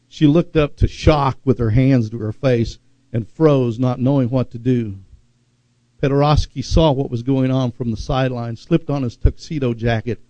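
A man preaching a sermon, with dramatic pauses and drawn-out words for emphasis. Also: medium pitch, dark tone, no room sound, low-quality recording. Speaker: pastor.

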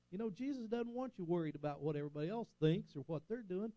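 A man's voice: sits high, expressive, quick pace, hardly any pauses, warm tone, no room sound, muffled recording. An older man preaching a sermon as a pastor, rising and falling for emphasis and calling out "Amen?" to the congregation.

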